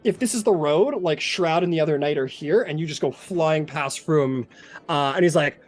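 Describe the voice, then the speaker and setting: Chatty, fairly high-voiced game master. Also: male voice, moderate pace. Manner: casual, chatty, with fillers and laughs. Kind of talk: narrating a tabletop game.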